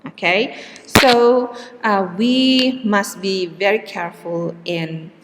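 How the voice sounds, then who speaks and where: A woman lecturing on pronunciation at a slow, deliberate pace, stretching out example words to show where the stress falls. Her voice carries a long reverb, as if recorded in a large hall. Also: mid-range voice, steady tone, noisy background. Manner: slow and patient, repeats words with exaggerated stress. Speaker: English teacher.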